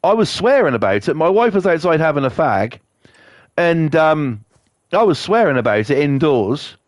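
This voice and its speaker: A man's voice: sing-song, normal speed, no room sound. A man streaming to a live chat, ranting angrily and swearing a lot, coughing now and then. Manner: angry, sweary rant with big pitch swings.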